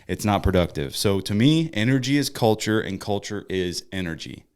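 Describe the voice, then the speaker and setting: Deep-voiced upbeat man hosting a podcast. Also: moderate pace, smooth. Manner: upbeat, energetic, jokey. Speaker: podcast co-host. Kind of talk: casual podcast chat.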